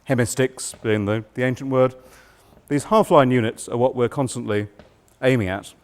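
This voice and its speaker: A man giving a lecture on writing verse, measured and explanatory with a dry humor. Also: mid-range voice.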